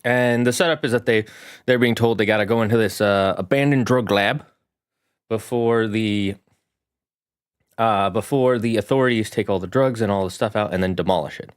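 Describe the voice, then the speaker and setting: A man, a game master, chatting casually on his live stream from his home room, with showy greetings and chatty asides. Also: fairly low pitch.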